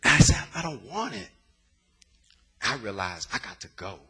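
A man's voice: fairly low pitch, sing-song, normal speed, pushed and bright, slightly rough. A man from the Bay Area giving a dramatic, emotional personal testimony in a sermon, using plain street slang. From San Francisco Bay Area.

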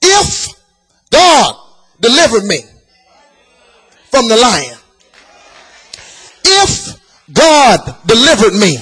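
A preacher in a church, delivering a sermon in a sing-song chanting cadence and putting questions to the congregation. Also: male voice, very high-pitched, wildly swooping pitch, takes it slowly, pauses often, a bit bright, slightly rough, faint music behind.

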